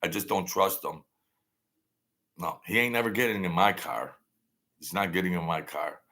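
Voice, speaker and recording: A man's voice: low-pitched, moderate pace, sharp tone. An older man, host of his own channel, telling a rambling story in a blunt, wary, streetwise way.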